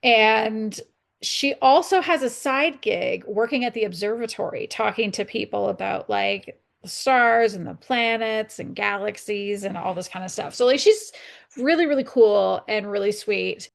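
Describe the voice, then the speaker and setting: Podcast co-host, woman from Canada, gravelly texture, chatty storyteller. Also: mid-range voice, a little slow. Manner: chatty, laughs often, storytelling. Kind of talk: casual chat.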